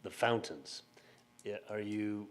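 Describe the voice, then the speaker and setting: A man asking questions at a public meeting, halting and searching for words. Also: fairly low pitch.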